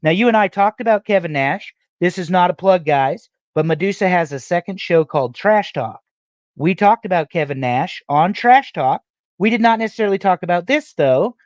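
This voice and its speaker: A man hosting a live stream, reading viewer questions in a conversational way with pauses. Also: high voice, expressive, dry recording. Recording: dull lo-fi mic.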